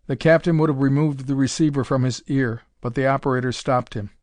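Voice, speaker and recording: A man's voice: medium pitch, steady tone, a little fast, darkish tone, dry recording. Man reading a story, dry and close. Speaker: narrator. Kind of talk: storybook reading of pulp science fiction.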